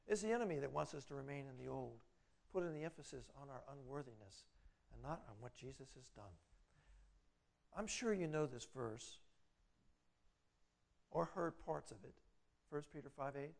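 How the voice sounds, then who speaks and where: A middle-aged man preaching a sermon, rising loud on his exhortations and dropping quiet and low when he voices inner doubts. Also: expressive, normal speed, vocal fry, pauses often. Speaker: pastor.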